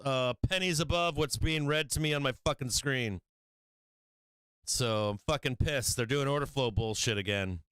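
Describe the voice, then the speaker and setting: A man's voice: on the high side, a bit bright, clean tone, dry recording. A man hosting a stock trading live stream, talking casually, swearing and venting frustration about his trades.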